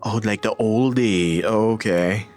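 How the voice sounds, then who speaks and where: A man casually chatting on a live stream, reading viewer comments aloud, playful and quick to laugh. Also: on the low side, a little mellow, faint music behind. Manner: playful, laughs often, reads chat aloud.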